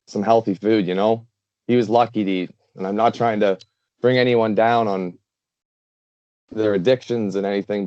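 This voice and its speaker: A man's voice: on the low side, mellow, no echo. A man from Canada, a guest talking earnestly and rambling with many fillers in a casual interview. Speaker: guest, charity founder. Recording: dull lo-fi dry sound.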